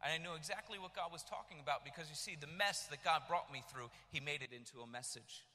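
A man in his thirties from the United States preaching a sermon, telling his story with animated bursts of shouting. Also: a little high, quick pace. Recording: long reverb of a large hall.

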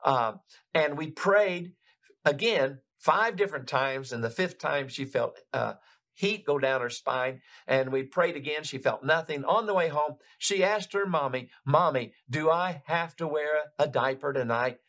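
An older man preaching a sermon, retelling a story in an animated, building way with frequent restarts. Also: fairly high pitch, a little slow.

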